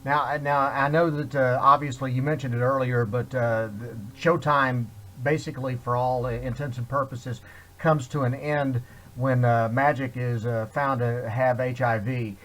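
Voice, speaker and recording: A man hosting an interview, asking questions in a halting way with many fillers. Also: mid-range voice, steady tone, fairly bright tone. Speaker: host.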